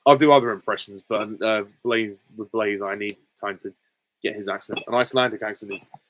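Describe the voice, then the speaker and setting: Low-voiced man chatting with viewers. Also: steady tone, fairly quick, fairly bright tone, a little hiss or hum, poor audio. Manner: chatty, reads questions aloud then answers candidly. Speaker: host of a live Q&A stream. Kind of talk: casual chat answering viewer questions.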